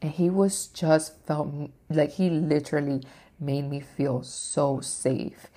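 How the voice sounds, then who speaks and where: A woman's voice: sits low, slow pace, dark tone. A woman vlogger telling a personal story in an emotional, rambling way, with lots of fillers and the odd swear.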